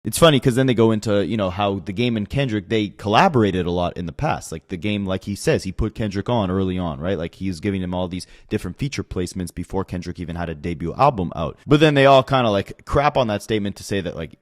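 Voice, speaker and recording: A man with a fairly low voice delivering reaction commentary in a wry, sarcastic tone. The recording is dry and close, with no room sound. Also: quick pace, hardly any pauses, dry recording. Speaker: host.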